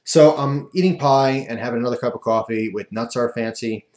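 A man's voice: medium pitch, a little fast, a little mellow. A man casually telling a rambling, self-amused story as a vlogger, recorded in an echoey room.

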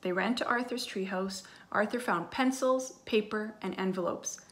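A woman, a teacher, reading a picture book aloud to children, with warm, chatty asides to her young listeners. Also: medium pitch, normal speed. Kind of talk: storybook read-aloud for children.

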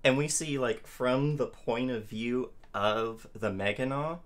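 A slow-talking male player in a tabletop game. He describes his character's actions carefully and deliberately, at an unhurried pace. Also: medium pitch.

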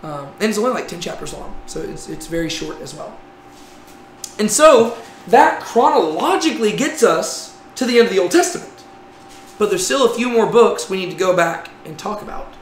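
The recording comes from an echoey, faintly noisy room where a man gives an informal Bible lesson. His voice is high-pitched and very animated at a normal pace, and he peppers his conversational teaching with "right?"

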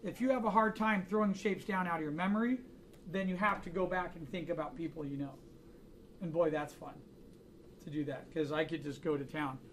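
A man's voice: fairly high pitch, steady tone, a little fast, a little hiss or hum. A man teaching a drawing class, chatting casually and joking through anecdotes in front of students. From United States. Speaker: art instructor.

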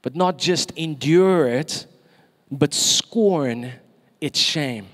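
A man's voice: fairly high pitch, extremely slow, long reverb tail. A man preaching a sermon in a church, emphatic and asking the congregation questions.

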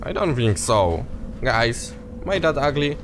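Excitable let's player, very lively pitch, slow delivery. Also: male voice, noisy background. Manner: excitable, laughing, talks to viewers as guys. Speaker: gaming youtuber. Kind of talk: casual let's play commentary.

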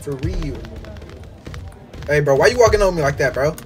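A man giving casual, excitable game commentary, full of slang and trash talk aimed at the characters on screen. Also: fairly high pitch, normal speed, music in the background. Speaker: gaming YouTuber.

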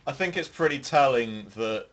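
A man's voice: medium pitch, animated, normal speed, a bit bright, highs cut off. Dry young man, casual swearing. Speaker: gaming show co-host. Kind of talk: casual gaming chat while playing.

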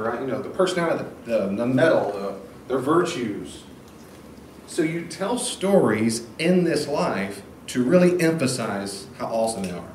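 A man teaching the Bible in an informal classroom lecture, lively and acting out quoted voices, recorded in a room with a live audience. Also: mid-range voice, a little hiss or hum. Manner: animated, acts out quoted voices. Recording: echoey room, faint ambience.

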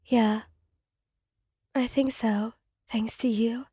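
A woman voicing a frightened young listener in a whispered role-play, speaking in a breathy, barely audible whisper. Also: fairly high pitch, steady tone, very slow, mellow, dry recording, clean studio sound, exaggerated voice. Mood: relieved.

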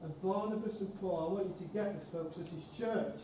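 A man's voice: high-pitched, fairly quick, dark tone, a little hiss or hum. A man preaching a sermon, telling a story and acting out the people in it. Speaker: pastor. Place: church hall. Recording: echoey church hall, mic far off.

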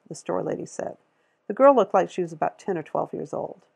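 Gravelly-voiced woman reading a novel. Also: on the low side, fairly quick, a little mellow. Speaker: audiobook reader.

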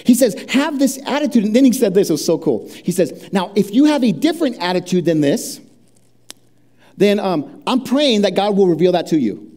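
A middle-aged man preaching a sermon, chatty and conversational, asking the congregation questions and sinking low and quiet when he speaks of prayer. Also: sing-song, moderate pace. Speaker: pastor.

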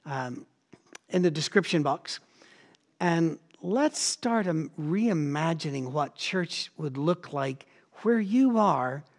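A middle-aged man delivers a sermon in a voice set a little high for a man. He preaches in an animated, storytelling way. He slips into the voices of the people he quotes. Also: takes it slowly. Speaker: pastor.

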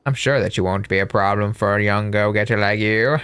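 A man reading an elderly monk's game lines aloud in a slightly lowered voice. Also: steady tone, a little fast, a bit bright, clear, resonant tone, natural voice. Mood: sage. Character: elderly male monk, slow and knowing.

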